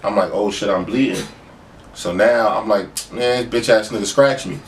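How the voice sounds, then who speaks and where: A man telling a street story in casual talk, acting out other people's lines in a high voice. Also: moderate pace. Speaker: storyteller on a podcast. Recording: far from the mic, faint noise.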